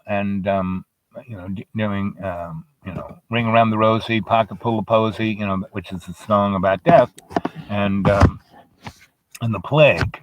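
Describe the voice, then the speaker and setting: A man's voice: mid-range voice, background noise. Man telling a rambling story. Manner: meandering, lots of fillers and asides.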